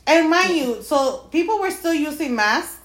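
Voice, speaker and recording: Animated high-voiced woman telling a story. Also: a little slow, echoey room. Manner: animated, swears a lot, many fillers, laughs while telling. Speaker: podcast co-host. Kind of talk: casual storytelling chat.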